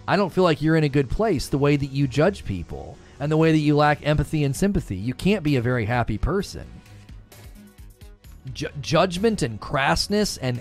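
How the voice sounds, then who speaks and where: Impassioned man giving a heated commentary. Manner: emphatic, repeats and restarts his points; grows more heated and rises in pitch as he argues.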